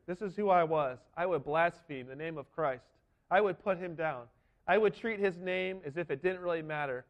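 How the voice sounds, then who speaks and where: A man's voice: high voice, moderate pace, lo-fi sound. A man giving an earnest, emphatic sermon as a first-person dramatic monologue. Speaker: preacher.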